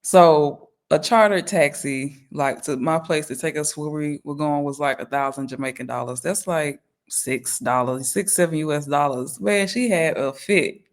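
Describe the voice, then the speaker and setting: A woman, talking in a relaxed, slangy way as a guest in casual chat. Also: low-pitched, moderate pace, few pauses. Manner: relaxed, slangy, laughs along with frequent mm-hmms.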